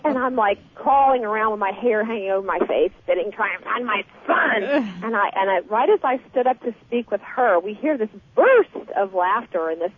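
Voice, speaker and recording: A woman guest telling a story with lively, animated energy in a radio interview, heard over the phone. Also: medium pitch, normal speed, hardly any pauses. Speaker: guest author. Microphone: telephone. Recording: tinny phone line.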